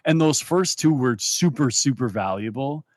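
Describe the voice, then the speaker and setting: A man's voice: medium pitch, lively intonation, normal speed, dry recording. A man talking casually on a podcast as a poker player and coach, often stumbling and repeating words as he thinks. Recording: dry close sound.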